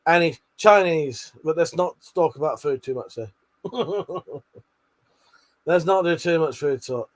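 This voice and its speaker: A man's voice: on the high side, takes it slowly. A man hosting a late-night livestream, chatting with viewers while he swears a lot, laughs often and bickers. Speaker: livestream host.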